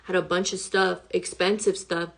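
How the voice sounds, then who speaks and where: A woman's voice: lowish voice, level tone, moderate pace, creaky. A woman hip hop artist recounting a frightening event in a casual vlog, shaken and emotional, swearing often and saying "like" a lot.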